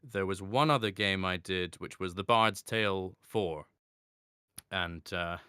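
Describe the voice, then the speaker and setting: Male voice actor, deep register, smooth crisp tone, mostly English accent with slight Edinburgh flavour, relaxed guest Q&A. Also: a little slow, no echo, clean studio sound. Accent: mostly English with soft Edinburgh traces. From Scotland (Edinburgh). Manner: chatty, many fillers and restarts, laughs easily. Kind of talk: casual answering of questions.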